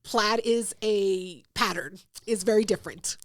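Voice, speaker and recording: A young woman co-hosting a podcast, telling a story in casual chat, profane and animated, acting out what people said. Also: medium pitch, a little slow, no room sound, clean studio sound. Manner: animated, profane, acts out quotes. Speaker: podcast co-host.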